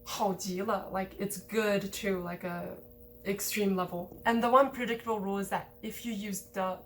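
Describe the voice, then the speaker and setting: A woman giving a relaxed, conversational language lesson, explaining grammar points with lots of casual filler words. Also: mid-range voice, slight background noise. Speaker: language teacher.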